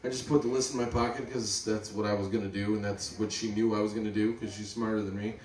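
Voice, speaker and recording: A man's voice: on the low side, flat delivery, fast, far from the mic. A man in his thirties doing a stand-up comedy set, rambling and profane, mocking himself. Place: comedy club stage. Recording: roomy club sound from off-mic, loud crowd laughter. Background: audience laughing.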